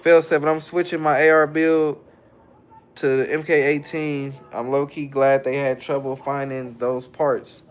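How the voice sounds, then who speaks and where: A man streaming live and answering his viewers' chat in a relaxed, slangy way, often breaking into chuckles. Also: mid-range voice, a little slow, clear, resonant tone. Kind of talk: casual livestream chat.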